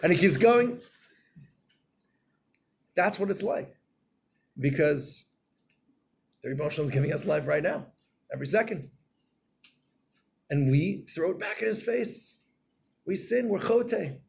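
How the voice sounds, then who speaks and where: A man giving a Torah class in a storytelling way, acting out scenes and getting loud and animated. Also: high voice, measured pace, gravelly, pauses often, slightly rough.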